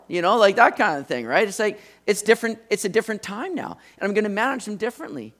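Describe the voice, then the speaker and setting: A middle-aged man with a fairly high voice, preaching a sermon. He teaches in a relaxed, conversational way and slips into quoted voices to make his points. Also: fast talker, hardly any pauses. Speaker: pastor.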